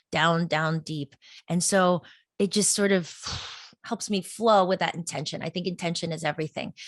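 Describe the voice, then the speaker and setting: A woman's voice: on the low side, no echo, clean studio sound. A woman speaking as a podcast guest and meditation teacher, talking earnestly in a flowing way and often breaking into laughs. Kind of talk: casual interview talk.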